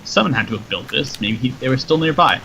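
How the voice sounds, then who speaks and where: A man reading a story aloud in a steady, descriptive narration, in a dull lo-fi recording with faint noise. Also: medium pitch, fast, vocal fry. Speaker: story reader.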